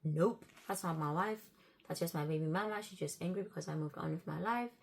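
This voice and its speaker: A woman with a husky voice quoting a lying boyfriend who makes defensive, matter-of-fact excuses. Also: on the low side, brisk.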